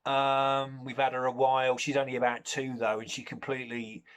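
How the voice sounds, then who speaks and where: A man from the UK talking through an improvised comic monologue at a middle pitch. He rambles, trails off and drops deadpan asides. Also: normal speed, smooth. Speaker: comedy host.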